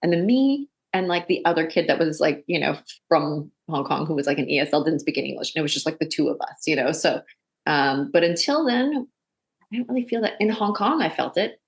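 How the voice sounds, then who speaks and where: Brief: low, gravelly woman, guest actor, lively storyteller. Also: fairly quick. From Canada. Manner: chatty, animated storytelling with quoted voices. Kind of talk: casual interview.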